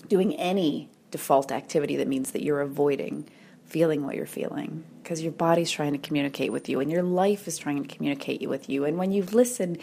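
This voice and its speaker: A woman hosting a weekly podcast, speaking softly and intimately in a reflective monologue, at times sinking to a whisper and near tears. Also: deep voice, vocal fry. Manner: soft, intimate, drops into whispers when moved. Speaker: podcast host.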